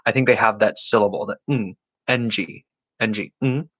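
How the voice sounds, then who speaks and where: A man answering viewer questions on a casual live stream, chatty and halting, with many restarts and repeated words. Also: on the low side, fairly bright tone, poor audio. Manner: chatty, talks directly to chat viewers.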